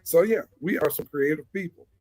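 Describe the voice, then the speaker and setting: A man chatting as a guest, animated and repeating words for emphasis. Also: a little high, brisk, no room sound. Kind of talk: casual chat.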